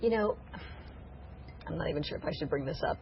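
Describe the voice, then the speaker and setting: Low voiced woman co-host, rattles off pointed questions fast, a bit of hiss. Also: expressive, vocal fry. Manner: probing, quick follow-up questions. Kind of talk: TV morning show interview. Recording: slightly dull TV broadcast audio.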